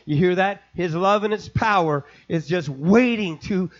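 A man preaching an impassioned sermon, building from quiet storytelling to shouting. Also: high-pitched, measured pace, highs cut off. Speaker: pastor.

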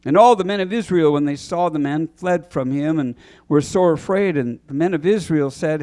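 A man, a preacher, reading scripture aloud deliberately, pausing to clear his throat and correct himself. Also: fairly high pitch, mellow.

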